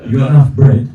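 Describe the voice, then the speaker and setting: A man's voice: on the high side, background noise, voice pushed up, full character voice. A man playing a cocky, laddish Jesus who brags through his miracles with offhand banter. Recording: roomy live club, far mic, loud laughter.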